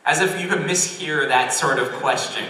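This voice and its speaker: A young man doing a stand-up set at a college comedy club, awkward and self-deprecating, with halting restarts. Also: on the high side, pushed and bright, a little hiss or hum. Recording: roomy distant club recording. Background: audience laughter.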